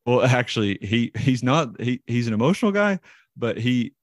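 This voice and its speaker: A man's voice: medium pitch, sing-song, normal speed, dry recording, clean studio sound. A man, a ballplayer guest telling rambling, self-deprecating stories in an interview. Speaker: interview guest, baseball player. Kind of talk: casual storytelling interview.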